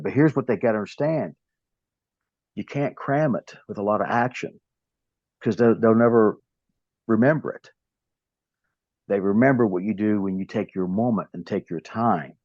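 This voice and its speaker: A man's voice: on the low side, a little mellow, no echo. A man in his fifties with a Southern US accent, a pro wrestler telling rambling stories as an interview guest. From American South. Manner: rambling storytelling with many restarts. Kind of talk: casual interview talk. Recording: dull lo-fi, dry sound.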